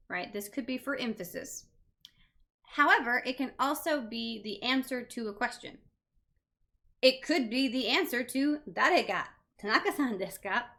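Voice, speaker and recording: A woman gives a casual online language lesson in a slightly high, bright voice. She speaks slowly and patiently, pausing often to ask "right?" to keep her learners with her. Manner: patient, reassuring explanations with frequent "right?" checks. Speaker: language teacher.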